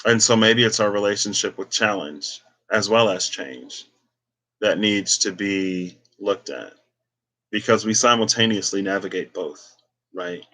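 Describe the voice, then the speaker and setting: Bright-toned man musing on spirituality. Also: lowish voice, a little slow. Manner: reflective, meandering, many fillers. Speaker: tarot reader. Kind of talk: casual spiritual talk to camera.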